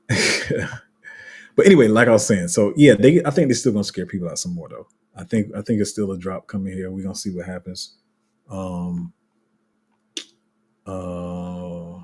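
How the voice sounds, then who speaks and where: Dark, husky-voiced man rambling on a stream. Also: deep voice. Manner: rambling, restarts often, laughs at himself; reads viewer comments aloud. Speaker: crypto livestream host. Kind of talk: casual livestream chat reading comments.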